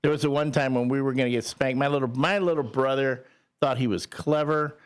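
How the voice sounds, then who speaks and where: A man's voice: mid-range voice, fairly quick, smooth. A man hosting a radio show, telling stories in casual banter and acting out the voices. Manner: animated storyteller, acts out voices. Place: radio studio.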